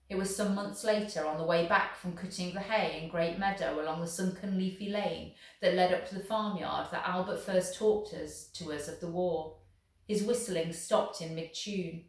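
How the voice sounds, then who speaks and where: A woman teacher reading a novel aloud to her class in a steady, encouraging way. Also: fairly low pitch, moderate pace, far from the mic. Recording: echoey room, voice off the mic.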